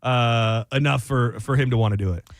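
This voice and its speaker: A man's voice: mid-range voice, normal speed, no echo. A man hosting a sports talk radio show, loose and rambling with frequent restarts.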